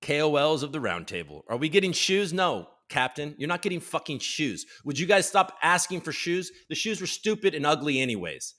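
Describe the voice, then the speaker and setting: A man hosting a casual livestream chat, energetic and joking, swearing freely as he greets chatters by name. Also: a little high, a little fast, few pauses. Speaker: livestream host.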